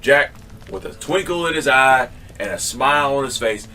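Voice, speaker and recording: A man spins a comic yarn in a loose, rambling way, restarting phrases and swearing now and then. His medium-pitched voice sits back from the microphone. Faint music plays underneath. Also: animated, moderate pace, pushed and bright, recorded from a distance. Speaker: storyteller. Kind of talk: casual comedic storytelling.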